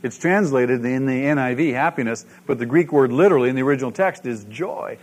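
A man preaching a sermon as pastor, animated and asking the congregation questions. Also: mid-range voice, moderate pace, hardly any pauses.

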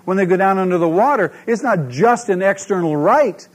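A man preaching a sermon as pastor, animated and asking the congregation questions. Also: high voice, moderate pace.

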